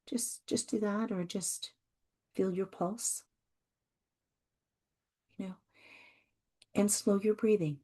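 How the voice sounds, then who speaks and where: A woman hosting a self-help podcast, talking gently and reassuringly and repeating her phrases. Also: medium pitch, steady tone, takes it slowly, long pauses. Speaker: podcast host.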